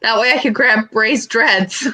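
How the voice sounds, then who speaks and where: A young woman co-hosting a podcast, telling stories in an animated way with loud outbursts and lots of swearing. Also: fairly high pitch, unhurried. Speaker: podcast co-host. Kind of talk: casual chat.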